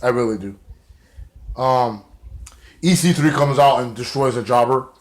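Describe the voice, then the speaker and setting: Casual male wrestling reviewer, mid-pitched, loose and rambling, swears freely. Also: unhurried. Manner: rambling, many fillers, swearing. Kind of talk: casual recap vlog.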